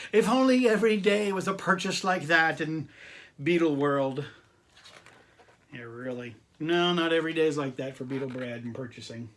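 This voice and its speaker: A man's voice: fairly high pitch, a little hiss or hum. A man hosting his own collector video channel, chatting casually and enthusiastically to camera, repeating himself and laughing often.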